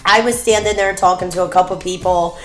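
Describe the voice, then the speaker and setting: A woman's voice: fairly low pitch, steady tone, fairly quick. A young woman co-hosting a casual chat, telling a story in a rambling way with plenty of ums and giggles. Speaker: podcast co-host. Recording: echoey room with music behind.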